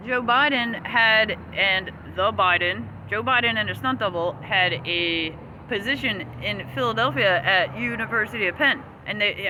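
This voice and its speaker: A man's voice: high-pitched, sharp tone, rough recording. A man delivering an agitated, profane, rambling rant as a vlogger. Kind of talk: angry ranting monologue. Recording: street noise outdoors.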